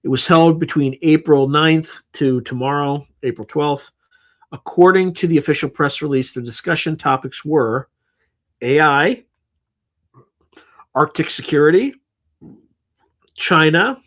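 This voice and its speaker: A man's voice: on the high side, unhurried, pauses often, fairly bright tone. Tired, offhand male livestream host. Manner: offhand, sarcastic asides, thinking aloud. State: tired, yawning. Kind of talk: casual live-stream commentary.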